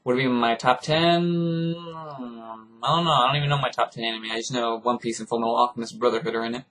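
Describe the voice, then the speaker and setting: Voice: medium pitch, steady tone, fast, fairly bright tone. An anime reviewer ranting casually in a rambling, profane, exasperated way.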